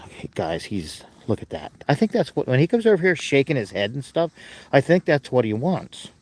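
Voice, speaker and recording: A man's voice: mid-range voice, huge pitch swings, a little fast, a little mellow. Folksy man hosting a livestream. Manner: folksy, affectionate with animals. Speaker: livestream host. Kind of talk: casual livestream chat.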